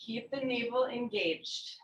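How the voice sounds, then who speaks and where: A woman's voice: on the high side, measured pace. Breathless woman cueing a yoga class. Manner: calm, cueing breaths and poses while demonstrating. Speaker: yoga teacher. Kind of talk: guided yoga class instruction. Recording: roomy, mic at a distance.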